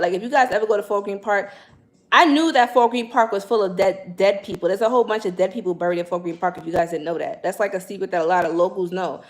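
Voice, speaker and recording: A young woman, hosting a casual livestream and chatting in slangy, animated talk straight to her viewers. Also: medium pitch, quick pace. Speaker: spiritual livestream host.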